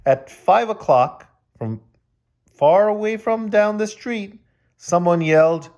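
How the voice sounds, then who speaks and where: Guy reading a kids picture book out loud, super animated up and down voice, cracks jokes between pages. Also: sits high, slow pace, lo-fi sound. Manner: animated, joking asides to kids. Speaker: children's story reader. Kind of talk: reading a picture book aloud with playful asides.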